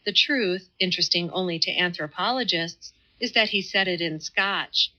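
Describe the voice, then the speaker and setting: Woman reading an audiobook, bright tense voice, calm pace, muffled sound. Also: on the low side, normal speed. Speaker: audiobook narrator. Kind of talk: scripted narration.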